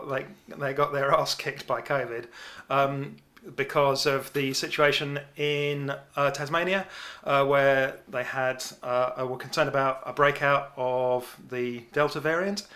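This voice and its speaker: A man's voice: mid-range voice, fairly even intonation, unhurried, sharp tone. A man co-hosting a chat podcast, talking casually with many fillers and restarts. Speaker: podcast co-host.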